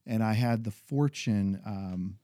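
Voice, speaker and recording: A man's voice: lowish voice, slow pace, mellow, no room sound, studio quality. A man co-hosting a faith podcast, mostly listening and agreeing, then starting to share a thought. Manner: frequent short agreement. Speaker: podcast co-host. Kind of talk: casual chat.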